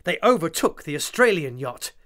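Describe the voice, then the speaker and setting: A narrator reading children's stories in an animated, expressive way. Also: medium pitch, normal speed. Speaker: audiobook narrator.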